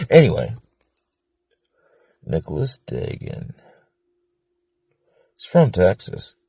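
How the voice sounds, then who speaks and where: A man interviewed about his former band, talking in a rambling, profane, excitable way and laughing often. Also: fairly low pitch, extremely slow, vocal fry, long pauses, breathy edge, dry recording. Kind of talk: casual documentary interview.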